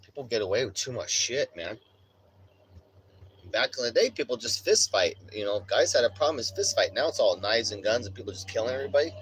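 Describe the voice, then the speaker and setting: A man's voice: mid-range voice, lively intonation, a little fast, a bit bright, a little hiss or hum, low-quality recording. A young man hosting a live stream, ranting casually and bluntly with constant swearing and "bro". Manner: profane, blunt, swaggering, says "bro" a lot. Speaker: livestream host. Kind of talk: casual rant to a live chat.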